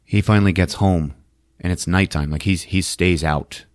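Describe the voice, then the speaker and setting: A man's voice: low voice, normal speed, dry recording, studio quality. A man hosting a podcast, recapping a movie in a loose, profane, chatty way full of fillers. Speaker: podcast host.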